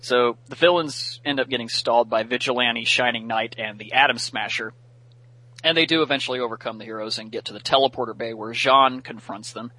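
A man's voice: medium pitch, fairly quick, pushed and bright, poor audio. A man hosting a podcast and recapping a cartoon episode in casual chat. He talks chattily, laughs often and uses many fillers.

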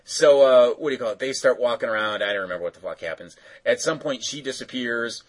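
A man's voice: mid-range voice, fast, low-quality recording. A man casually recapping a cartoon episode, rambling with lots of fillers. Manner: rambling, filler-heavy storytelling.

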